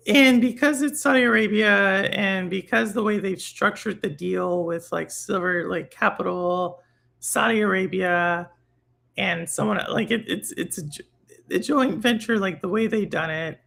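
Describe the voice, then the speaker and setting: Gravelly, animated podcast host. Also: medium pitch, a little slow. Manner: animated, thinks aloud with restarts. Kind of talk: casual gaming podcast chat.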